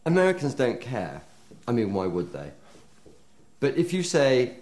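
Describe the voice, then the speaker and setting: Man, mid pitch, very lively, stumbles, hyperbole. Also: moderate pace. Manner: stammering, comically exaggerated. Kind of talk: comic interview chat.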